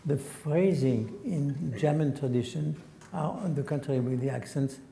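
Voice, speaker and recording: An older man with a French accent coaching a young conductor in a concert hall, direct and halting, singing phrases out in syllables. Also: a little high, vocal fry, dark tone, a little hiss or hum. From France. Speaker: conducting teacher. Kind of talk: masterclass coaching. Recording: roomy concert hall reverb.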